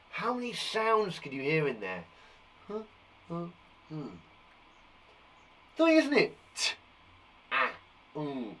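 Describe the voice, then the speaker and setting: A British man leads a phonics lesson for young children, breaking words into sounds and praising every answer. His voice sits fairly high and swings widely in pitch. He takes his time, speaking slowly and deliberately. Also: a bit bright. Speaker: teacher.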